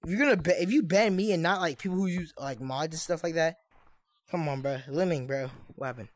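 A woman's voice: fairly low pitch, brisk. A woman giving casual gameplay commentary, puzzled and deflated, muttering to herself through a headset mic. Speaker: gaming YouTuber.

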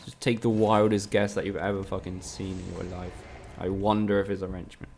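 Man, game streamer, low gravelly voice, teasing sweary chat banter, casual commentary. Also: level tone, fairly quick, a little mellow, slight background noise.

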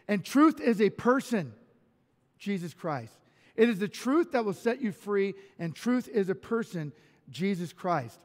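A man's voice: very high voice, expressive, moderate pace, fairly bright tone, long reverb tail. A man pastor delivering a sermon, telling personal stories animatedly with self-deprecating humor and frequent restarts. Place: church sanctuary.

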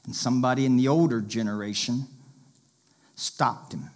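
A man's voice: medium pitch, normal speed. A male pastor preaching a sermon, reading scripture aloud and urging listeners to pay attention.

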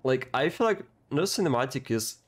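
A man giving casual reaction commentary on an animated video, excitable and emotional, repeating words in halting, non-native phrasing as he talks to his viewers. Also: mid-range voice, breathy edge. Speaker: anime reaction video host.

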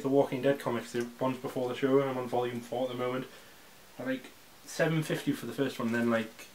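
A teenage boy records a casual home vlog, wandering off topic, self-interrupting, and throwing in jokes. His voice is medium in pitch, with a little hiss or hum in the background.

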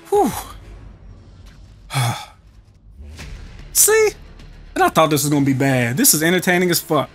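A young man giving live commentary over his own game match, profane, trash-talking and excitable. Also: on the high side, measured pace, pauses often. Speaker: gaming channel host. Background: game music.

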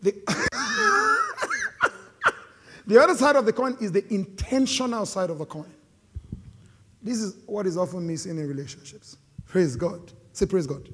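Man, Nigerian accent, pastor, very high voice, lively preaching, reverberant hall. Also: unhurried, pauses often, a little hiss or hum. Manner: animated, joking, call-and-response with the congregation. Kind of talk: sermon. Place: large hall with live congregation.

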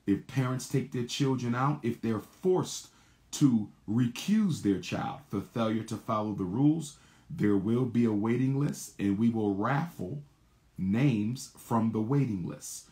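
A man's voice: mid-range voice, a little slow, darkish tone. A man hosting a show, reading viewer questions aloud and answering them emphatically, often repeating his key lines word for word.

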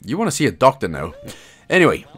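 A man's voice: mid-range voice, huge pitch swings, quick pace, slightly rough. A man with a Welsh accent talking through a game walkthrough step by step, with jokey, chuckling asides between the instructions. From Wales. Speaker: gaming guide host.

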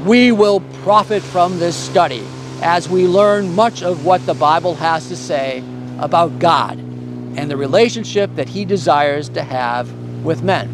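A man imitating his old seminary professor, speaking slowly and formally in a measured, solemn lecturing manner. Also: fairly high pitch, background noise, lightly acted. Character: slow, formal older male seminary professor.

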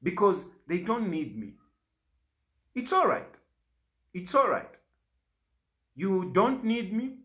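A man's voice: sits high, very animated, takes it slowly, long pauses, sharp tone. A Zambian man, an opposition politician, making an impassioned public statement in an aggrieved, pleading way and repeating lines for emphasis.

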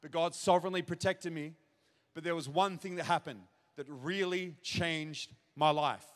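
Man, pastor, testimony sermon, high-pitched voice, long echoing hall reverb. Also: fairly even intonation, normal speed. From Australia. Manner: storytelling, acts out shouted child's cries. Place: large church auditorium.

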